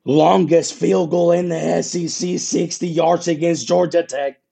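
Mellow-voiced man telling an excited story. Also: fairly high pitch, vocal fry. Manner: animated and emotional, with dramatic pauses. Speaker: interview guest, play-by-play broadcaster.

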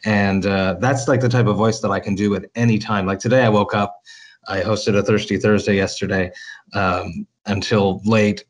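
A man with a lowish voice talks as a guest in a relaxed interview. He is a metal vocalist, chatty and enthusiastic, with frequent restarts as he explains his singing. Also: normal speed. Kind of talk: casual interview chat.

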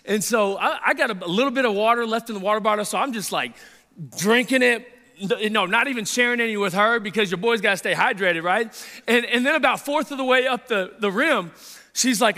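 High, bright-voiced preacher in a hall. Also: male voice, a little fast. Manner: animated, repeats words when excited. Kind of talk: sermon storytelling.

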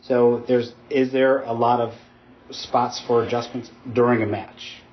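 A man's voice: mid-range voice, flat delivery, measured pace. A male podcast co-host who chats loosely, saying "like" often and laughing easily. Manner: chatty, lots of "like", laughs easily. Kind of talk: casual podcast conversation. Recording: muffled with faint noise.

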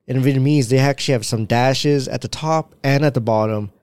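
A man's voice: mid-range voice, a little fast, darkish tone, clean tone, dry recording. A man in casual chat, patiently explaining things and laughing often.

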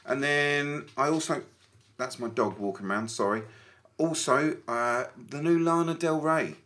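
A man co-hosting a podcast, chatting casually in an animated way with stumbling restarts. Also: a little high, a little slow. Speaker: podcast co-host. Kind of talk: casual chat.

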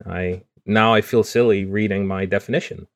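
A man's voice: fairly low pitch, fairly even intonation, moderate pace, no room sound, highs cut off. A man hosting a podcast in a casual, joking, self-deprecating way. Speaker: podcast host. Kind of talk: casual chat.

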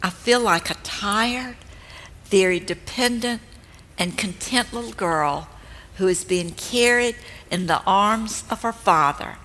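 An older woman giving a slow, gentle and earnest devotional teaching talk. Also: mid-range voice. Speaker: speaker at a women's ministry event. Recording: long hall reverb.

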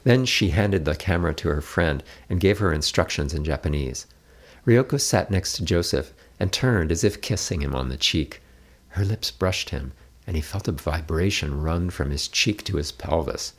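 Very deep-voiced man narrating a novel. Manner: steady, measured reading. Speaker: audiobook narrator. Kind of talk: scripted narration.

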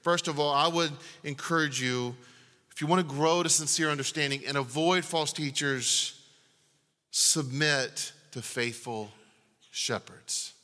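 Forceful preacher in a reverberant hall. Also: male voice, a little high, steady tone, normal speed. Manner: emphatic, with rhetorical questions and swings from loud to hushed. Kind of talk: sermon. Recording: long reverb of a large hall.

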